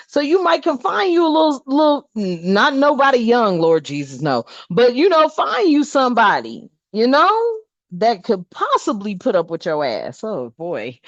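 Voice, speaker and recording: A woman doing a spiritual reading in a casual vlog, talking bluntly with lots of swearing and lively storytelling. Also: mid-range voice, dry recording. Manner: blunt, profane, animated storytelling. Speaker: spiritual reader. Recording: dull, dry sound.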